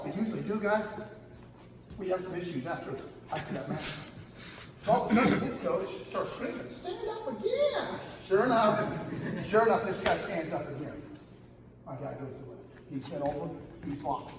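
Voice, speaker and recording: A middle-aged male wrestling coach tells a story at camp, animated and emphatic, constantly calling his listeners "guys". His voice sits a little high. He is recorded from far off in a cavernous, reverberant gym, with steady room noise underneath. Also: moderate pace. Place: large gym hall. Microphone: camera far from speaker. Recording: echoey gym, distant camera, audible room noise.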